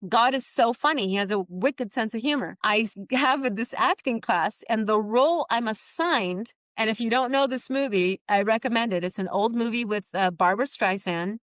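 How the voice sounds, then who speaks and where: A woman's voice: fairly high pitch, normal speed, hardly any pauses, a bit bright, no echo. A middle-aged woman, the guest, telling stories animatedly in an interview and acting out the voices she quotes. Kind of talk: podcast interview storytelling.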